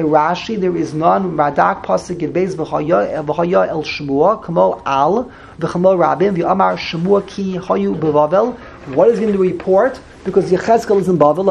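Brief: high-pitched, gravelly male teacher, patient verse-by-verse class with repeated explanations. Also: darkish tone, a little hiss or hum, low-quality recording. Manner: explains slowly, repeats phrases, translates each term. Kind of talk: verse-by-verse text study.

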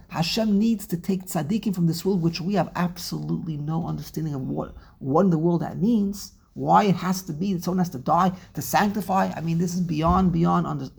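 A woman teaching an animated Torah class, emphatic and dramatic, with rhetorical questions and frequent restarts. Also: on the low side, creaky, husky.

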